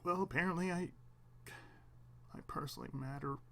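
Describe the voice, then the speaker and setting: A man hosting his own channel, alone at home, giving a raw, halting confessional monologue on the verge of tears, with pauses, restarts and the odd swear. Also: a little high, gravelly. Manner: halting, repeats himself, long pauses, swears. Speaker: channel host.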